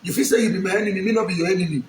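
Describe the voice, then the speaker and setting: An aspiring local politician from Edo State, Nigeria, speaks with a Nigerian accent in a high-pitched, racing voice. He makes an emphatic, pleading public appeal straight to the camera, repeating his lines. The audio is reverberant with slight background noise.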